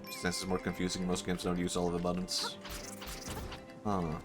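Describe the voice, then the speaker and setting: A man chatting casually on a gaming livestream in a fairly low voice. He muses aloud and laughs often at his own mistakes. Faint music plays behind him. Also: completely flat delivery, normal speed. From Sweden. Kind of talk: casual chat while gaming.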